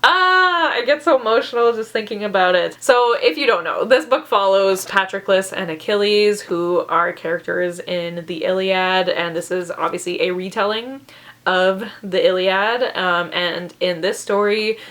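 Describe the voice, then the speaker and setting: A woman's voice: mid-range voice, normal speed, a bit bright. A woman reviewing her favorite books in a casual vlog, emotional and gushing, laughing often and saying "like" a lot. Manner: filler-heavy, says "like" a lot. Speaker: book reviewer.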